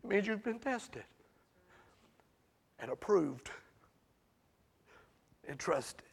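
A man teaching a Bible study in a lively preaching style. He talks to the group directly, calls them "man", and swings from loud to hushed. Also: sits high, drawn-out words, creaky, husky.

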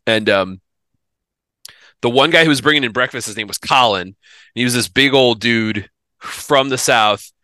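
A man's voice: medium pitch, moderate pace, long pauses, sharp tone, dry recording. A man in his thirties from the Philadelphia area, telling a profane comic story on a podcast and laughing often. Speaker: podcast host. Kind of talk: casual comedic storytelling.

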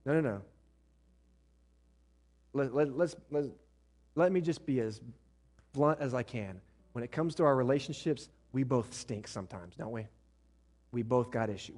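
A man's voice: medium pitch, a little mellow. Blunt joking male pastor preaching. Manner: blunt, joking asides, acts out spouses' lines. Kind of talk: sermon.

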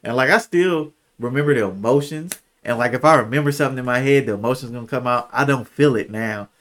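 A young man, telling a personal story on a podcast in candid slang, his voice sinking low and soft at the painful parts. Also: fast talker. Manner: candid, slangy, lots of "like" and "bro"; emotional, voice drops low and soft when recalling. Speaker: podcast co-host. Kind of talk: casual storytelling.

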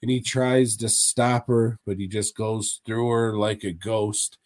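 Slow-talking crude male podcaster. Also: lowish voice, flat delivery, darkish tone, no echo. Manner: crude, rambling recaps with laughs. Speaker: podcast co-host. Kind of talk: casual podcast chat.

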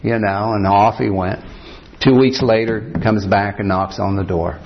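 Low gravelly pastor, telling a story. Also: male voice, steady tone, slight background noise. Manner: unhurried storyteller, frequent "uh" and "he said". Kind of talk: sermon storytelling. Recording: dull lo-fi church recording.

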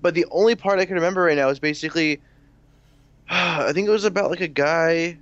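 A man's voice: a little high, a little fast, a bit bright, no echo. A young man in casual chat, laid-back and drawling, often calling his friend "dude". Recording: dry, dull lo-fi mic.

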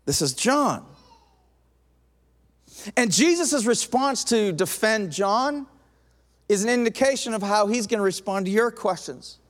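High-voiced preacher man in a reverberant hall. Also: unhurried, long pauses. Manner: animated, acts out quoted voices, drops to soft intense tone. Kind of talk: sermon.

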